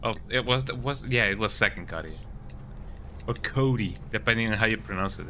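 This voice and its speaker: Male game streamer, sick with a cold, easygoing chatter, very bright voice. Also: fairly low pitch, a little fast, slight background noise. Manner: laid-back chatter, tags lines with "eh?". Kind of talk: casual game commentary.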